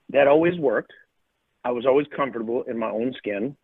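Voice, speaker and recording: Over a tinny, phone-like connection, a middle-aged man co-hosting a podcast shares stories casually and emphatically, repeating lines for effect. He has a mid-range voice at a moderate pace, with no echo.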